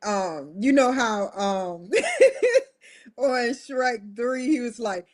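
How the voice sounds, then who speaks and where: Slow-talking joking woman host. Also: fairly high pitch. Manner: laughing, animated storytelling with mock quotes; loose, colloquial, rambling. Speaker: streaming show host. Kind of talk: joking political commentary.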